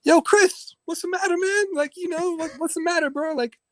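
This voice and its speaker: A man putting on a high, loud voice to imitate another man he is quoting. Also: normal speed. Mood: concerned. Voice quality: high, loud, raised-pitch mimicry. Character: brash adult man quoted, high excited voice.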